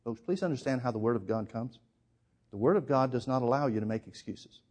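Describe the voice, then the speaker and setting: A man preaching a sermon, emphatic, firing rhetorical questions and swinging between loud and hushed. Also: medium pitch, brisk.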